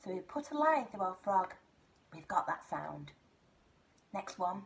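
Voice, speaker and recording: A woman teaching a phonics lesson to small children, talking in a slow, exaggerated, sing-song way. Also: fairly low pitch, big pitch swings, gravelly. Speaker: nursery teacher.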